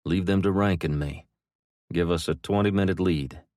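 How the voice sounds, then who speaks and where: A man voicing a rough, cocky mercenary who talks in blunt, casual lines. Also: low voice, normal speed, a little mellow, dry recording, studio quality, close to an everyday voice. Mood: plain.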